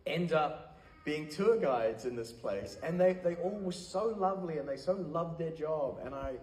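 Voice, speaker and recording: A man from New Zealand telling stories as a panel guest at a convention, chatty and animated. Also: on the high side, a little slow. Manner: chatty, animated storytelling with laughs. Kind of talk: casual anecdote. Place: large convention hall. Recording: echoey hall with faint ambience.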